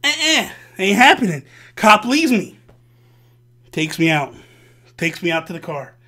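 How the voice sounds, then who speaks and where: Bright, animated male storyteller. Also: a little high, measured pace. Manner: animated, profane and dramatic. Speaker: host. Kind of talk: casual storytelling.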